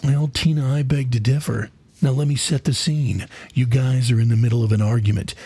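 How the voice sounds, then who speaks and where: A man's voice: mid-range voice, steady tone, a little fast, mellow, slightly rough. A man giving a satirical mock lecture, mock-earnest, preachy and profane. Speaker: comedian, mock speaker. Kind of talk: satirical mock TED talk.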